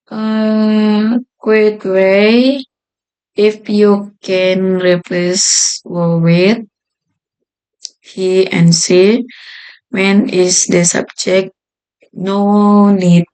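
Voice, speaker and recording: Slow, gravelly woman presenting a grammar lesson. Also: on the low side, darkish tone, rough recording. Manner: slow, halting delivery with frequent uh fillers. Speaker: student presenter.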